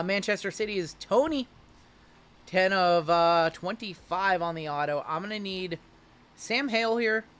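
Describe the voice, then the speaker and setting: A man's voice: fairly high pitch, fairly bright tone, slight background noise. A man hosting a live card break stream, rattling off names and teams in a loose, chatty way with plenty of fillers.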